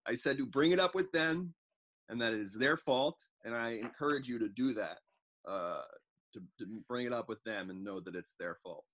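Male podcast co-host, bright middle voice, rambling, self-mocking storyteller. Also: mid-range voice, normal speed. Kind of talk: casual chat.

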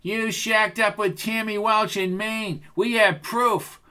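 A man voicing a brash young male campus security guard in an audiobook, loud and hotheaded, pitched well above his own voice. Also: fairly even intonation, takes it slowly, clear, resonant tone, exaggerated voice. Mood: angry.

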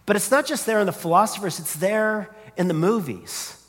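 A man with a fairly high voice delivers an earnest sermon, circling back with repeated words as he presses his point. His voice rings out with a long reverb, as if in a large hall. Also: animated, moderate pace, fairly bright tone. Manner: earnest, repeats words when starting sentences. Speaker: preacher.

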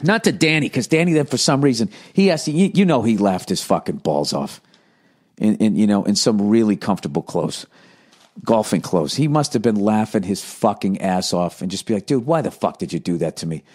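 A man's voice: on the low side, animated, normal speed, darkish tone. A man hosting a podcast, ranting and riffing in a profane, comic way and reading an article aloud with mock outrage. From United States. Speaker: podcast host. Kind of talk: comedic podcast rant.

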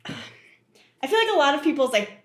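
A woman with a fairly high voice co-hosts a podcast, chatting along and dropping "like" into nearly every phrase. Her voice carries a roomy echo. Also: very animated, normal speed. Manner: chatty, lots of "like". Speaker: podcast co-host. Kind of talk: casual chat.

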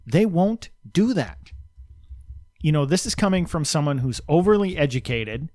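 A man's voice: a little high, lively intonation, normal speed, darkish tone, no room sound, studio quality. A man co-hosting a podcast in casual political chat, blunt, sarcastic and emphatic. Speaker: podcast co-host.

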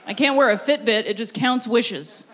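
A woman's voice: fairly high pitch, moderate pace, background noise. Self-mocking woman doing stand-up comedy. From Ohio, USA. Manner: deadpan punchlines with laughing, self-mocking asides. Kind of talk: stand-up set. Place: comedy venue with a live audience.

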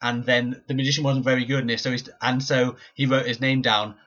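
A man's voice: mid-range voice, little pitch movement, fairly quick, a bit bright, highs cut off. A man co-hosting a wrestling podcast, rambling and swearing with lots of fillers. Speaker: podcast co-host. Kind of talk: casual podcast chat.

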